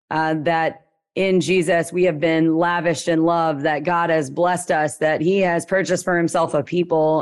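A young woman with a Southern Louisiana accent tells her story as an interview guest. Her voice sits a little low, and she talks in a loose, lively way with playful asides. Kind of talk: casual storytelling.

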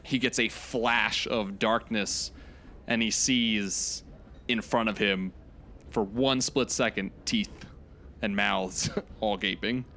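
A man playing a tabletop game, narrating his character's actions in deliberate, descriptive detail. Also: on the low side, fairly even intonation, sharp tone, a little hiss or hum. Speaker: player.

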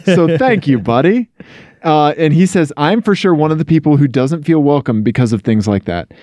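A man's voice: fairly high pitch, lively intonation, moderate pace, dark tone, no room sound, clean studio sound. A man from Missouri co-hosting a podcast in casual chat, talking with many fillers and restarts. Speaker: podcast co-host.

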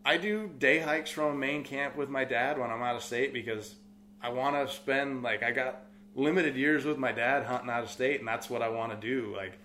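A man's voice: mid-range voice, normal speed, pushed and bright, a little hiss or hum. A young man with a Californian accent telling a hunting story in casual conversation, rambling with lots of fillers. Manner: rambling, many "like" fillers, acts out quotes. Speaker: guest, outfitter business owner.

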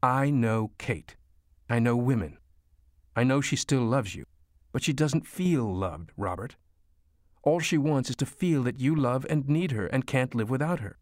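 A male reader puts on an older mother who scolds and lectures her grown son without pause. Her voice sits noticeably higher than the reader's own. The audiobook recording is close and dry. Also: animated, darkish tone, no room sound, natural voice. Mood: insistent. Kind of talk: audiobook character voice.

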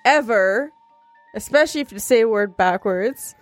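Playful woman, slightly high voice. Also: expressive, moderate pace, no room sound, faint music behind. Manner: playful, laughing, curt denials. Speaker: player reading out words in a game. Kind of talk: casual chat among friends.

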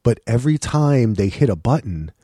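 Brief: middle-aged man, lively swinging pitch, animated swearing storyteller, dry close sound. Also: normal speed, slightly rough, dry recording. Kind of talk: casual chat.

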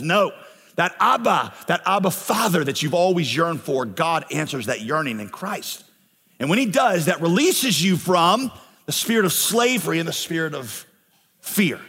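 A man's voice: on the high side, fairly bright tone, breathy edge, big-room sound. A man preaching a sermon as pastor, earnest and building in passion on key phrases. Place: church sanctuary.

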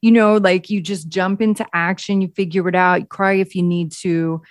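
A woman hosting a casual conversational interview, agreeing with her guest in a relaxed way. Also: fairly low pitch, normal speed, no room sound, studio quality.

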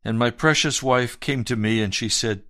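A man's voice: medium pitch, moderate pace, sharp tone, no echo, studio quality. A male pastor telling his personal testimony in a sermon, earnest and storytelling, with dramatic swells.

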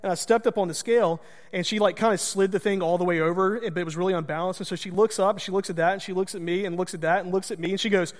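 A pastor with a high-pitched voice tells a personal story from the pulpit, chatty and poking fun at himself. His voice rings out with a long reverb, as in a large hall. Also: fairly even intonation, quick pace. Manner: conversational, self-deprecating humor. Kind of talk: storytelling sermon.

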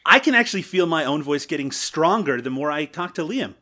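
A Canadian man hosts a comedy podcast with a fairly high voice. He swings his pitch widely and sounds bright and forceful. He teases the others in a deadpan, mock-serious way. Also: fairly quick. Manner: joking, mock-serious teasing. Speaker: podcast host.

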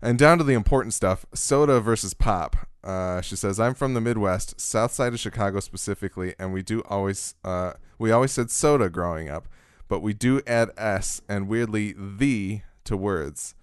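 Male podcast co-host reading listener mail in relaxed chat; lowish, smooth, dry close mic. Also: normal speed, few pauses, dry recording. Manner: reads listener messages aloud, laughs easily.

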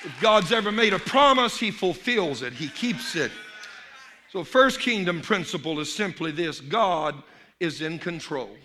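A man with a high, bright voice preaches with fervor. He swells into shouted emphasis on key phrases, then drops back to a low, steady tone. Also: a little slow, a little hiss or hum. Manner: storytelling in a Cajun dialect for the joke characters. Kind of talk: sermon with a folksy joke.

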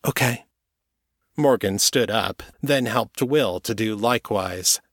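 Low-voiced male audiobook narrator. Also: unhurried, dry recording, studio quality.

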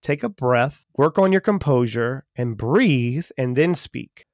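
A man from Charleston, co-hosting a podcast in casual chat; he talks fast and folksy, with jokes. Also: mid-range voice, dry recording, studio quality. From Charleston, South Carolina, US. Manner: talks fast when excited, folksy and joking. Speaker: podcast co-host.

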